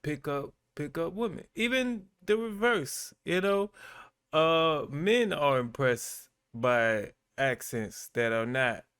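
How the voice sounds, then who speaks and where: A man's voice: fairly high pitch, lively intonation, slow pace, fairly bright tone, clear, resonant tone. A man hosting his own channel, giving laid-back, chatty commentary with frequent fillers. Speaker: vlogger and host. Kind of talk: casual commentary.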